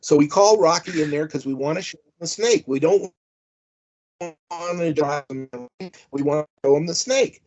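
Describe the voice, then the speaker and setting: An older man tells amused, rambling stories in a somewhat high voice, full of "uh" and "you know." He has the easy manner of a guest reminiscing. The audio is dull and lo-fi. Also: moderate pace, a little mellow. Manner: rambling, amused, many fillers. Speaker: guest, former wrestling manager. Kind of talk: anecdotal storytelling.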